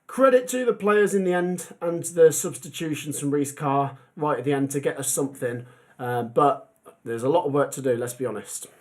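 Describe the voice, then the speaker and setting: A young man hosting a football fan livestream, chatting casually and reading out viewer comments with plenty of ums. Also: on the high side. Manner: chatty, rambling, many ums. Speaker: football fan channel host.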